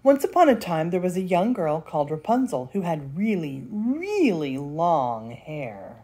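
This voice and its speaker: An older woman, a grandmother, reading a picture book aloud with lively expression. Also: on the low side, a little slow, husky. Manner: expressive, laughs between lines. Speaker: storyteller.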